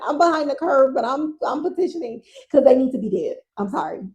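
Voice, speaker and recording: A woman hosting a casual TV recap podcast, animated and exasperated, swearing freely and talking to listeners as y'all. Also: high-pitched, a little fast, poor audio. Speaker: podcast host.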